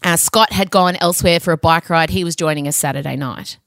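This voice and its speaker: Animated woman telling a story. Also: fairly low pitch, a little fast, dry recording. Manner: animated, dramatic storytelling with wry humor. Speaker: podcast co-host. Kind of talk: casual storytelling chat.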